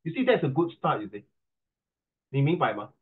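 A middle-aged man with a Singaporean accent teaching an animated exam-prep class, mixing English and Mandarin and teasing his students. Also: medium pitch, moderate pace, breathy edge. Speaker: tutor. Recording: tinny phone-like audio.

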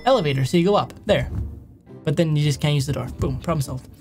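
A man's voice: fairly high pitch, quick pace, darkish tone, soft background music. A young man doing casual reaction commentary, rambling and correcting himself as he goes, often chuckling. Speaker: YouTube commentator.

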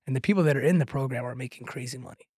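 A man, a comedian and content creator, telling a long anecdote in a podcast chat, animated and tagging lines with "right?", laughing now and then. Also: mid-range voice, very fast, breathy edge, no echo, studio quality. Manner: laughs through his own story.

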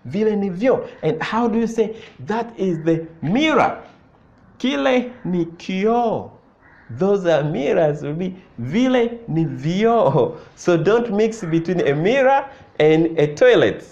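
A man teaching a language lesson, slowly repeating example phrases and asking learners whether they follow. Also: high-pitched, lively intonation, darkish tone. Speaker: Swahili teacher. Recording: dull lo-fi sound.

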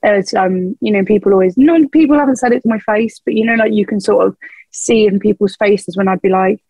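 A woman's voice: medium pitch, brisk, mellow, no echo, poor audio. A young woman, a band's vocalist, chatting frankly as a podcast guest, laughing often and swearing casually. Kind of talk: casual chat.

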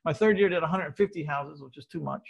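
A man's voice: on the high side, fast talker, vocal fry, slightly rough, narrow, tinny audio. Earnest rambling Texan-raised man. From Texas. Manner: earnest, rambling, with frequent restarts. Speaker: podcast host telling his story. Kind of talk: casual conversational storytelling.

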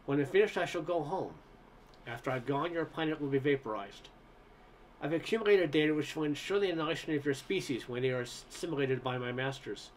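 Guy doing a tired alien scout, slow and flat, kinda grave, voice sits a bit high. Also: a little hiss or hum, close to an everyday voice. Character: tall weary alien scout, grave and dispassionate.

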